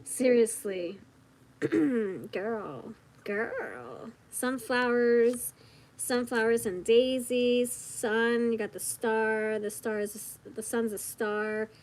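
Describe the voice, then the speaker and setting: A woman giving a casual tarot reading straight to the viewer, chatty and giggly, thinking out loud as she goes. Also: medium pitch, steady tone, takes it slowly, rough recording. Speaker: tarot reader.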